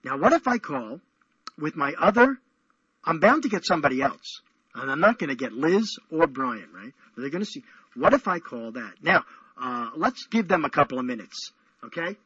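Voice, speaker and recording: Rambling, husky-voiced male radio host. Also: a little high, big pitch swings, moderate pace, bright, forceful tone, dry recording. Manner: playful, rambling, teasing. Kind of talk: casual call-in radio chat. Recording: dull lo-fi radio audio.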